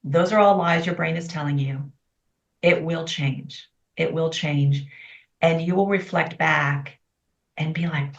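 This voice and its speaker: A middle-aged woman speaks in a lowish voice, chatty and expressive as she tells stories in an interview. The recording is dull and roomy, as if she sits some way from the mic. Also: a little slow, vocal fry. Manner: chatty, expressive, quotes herself in lively voices. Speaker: guest. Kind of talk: candid interview storytelling. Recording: far from mic in an echoey room, dull sound.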